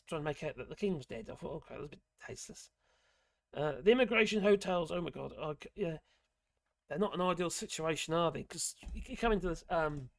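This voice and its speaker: A man's voice: a little high, gravelly, dry recording, studio quality. A man hosting a casual live stream, chatting in a rambling way and reading out chat messages while losing his voice.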